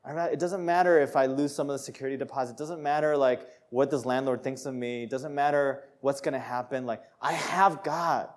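A young man preaching a sermon, telling a personal story with laughter and rising to joyful shouts. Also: mid-range voice, fairly even intonation, brisk, hardly any pauses. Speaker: pastor.

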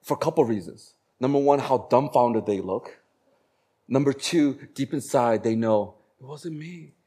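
A man preaching a sermon as a pastor, slowing down to stress key phrases and growing animated when he tells stories. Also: mid-range voice, husky. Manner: animated storytelling, bursts of laughter and acted voices; slows down for emphasis on key phrases.

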